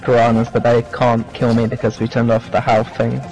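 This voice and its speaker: A man's voice: medium pitch, completely flat delivery, a little fast, darkish tone, faint music behind, low-quality recording. A man as a co-player in a casual gameplay chat, laid-back and chuckling often.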